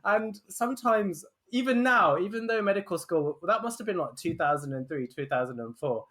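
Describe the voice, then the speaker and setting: Man, casual podcast chat, rambling with fillers, giggly, slightly higher voice. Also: animated, normal speed, a bit bright. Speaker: podcast co-host.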